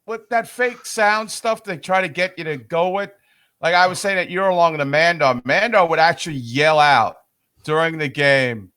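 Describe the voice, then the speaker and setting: A man co-hosting a casual sports podcast, chiming in with jokes and quick comments. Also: a little high, pushed and bright, clear, resonant tone. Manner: joking interjections. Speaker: podcast co-host. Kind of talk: casual chat.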